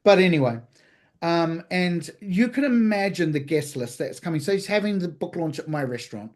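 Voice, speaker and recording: A chef from New Zealand, appearing as a podcast guest, tells a story casually in a voice on the high side at a moderate pace. He's animated and profane, acting out the dialogue he quotes.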